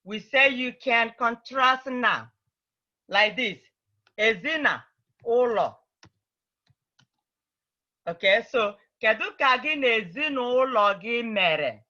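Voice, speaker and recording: A woman teaches over a video call, spelling out each phrase slowly and repeating it so the learners can follow. Her voice is bright and clear-edged, and the call audio is a little dull. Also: on the high side, lively intonation. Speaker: Igbo language teacher. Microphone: computer mic on a video call.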